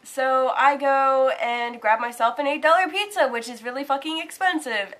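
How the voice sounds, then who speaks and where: Young woman vlogger, high voice, lively and casual storyteller who swears offhandedly. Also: normal speed. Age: young adult. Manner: animated, swears casually, acts out quotes.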